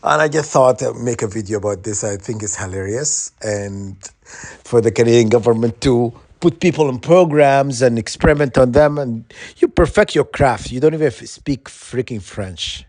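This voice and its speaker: Man, middle-aged, vlogger: warm, relaxed voice, rambling indignant storytelling, dry room. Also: medium pitch, moderate pace, no echo. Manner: meandering, self-correcting, indignant; laughs through his own story.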